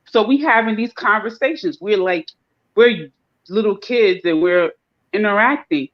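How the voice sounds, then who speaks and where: A woman from the northern United States talking in a casual panel chat, an animated storyteller who acts out other people's voices. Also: medium pitch, normal speed. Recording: dull lo-fi sound.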